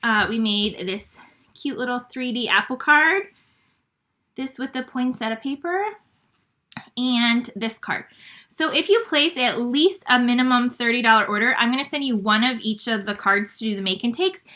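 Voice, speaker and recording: A woman from Michigan leads a live card-making demo in a chatty, quick way, full of fillers and asides. Her voice sits a little high and sounds bright and crisp. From Michigan, USA. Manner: chatty and fast-talking, with many fillers. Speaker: paper-craft demonstrator hosting a live stream. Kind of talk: casual live craft demo.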